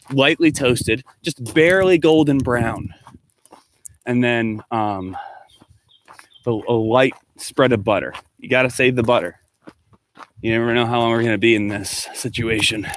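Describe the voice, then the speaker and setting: A man's voice: medium pitch, fairly bright tone, a little hiss or hum. Chatty male teacher vlogging. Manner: chatty, rambling, answers comments aloud. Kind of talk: casual vlog to students.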